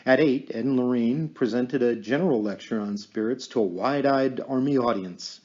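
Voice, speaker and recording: A man narrating an audiobook in a measured storytelling manner. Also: mid-range voice, darkish tone, highs cut off. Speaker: audiobook reader.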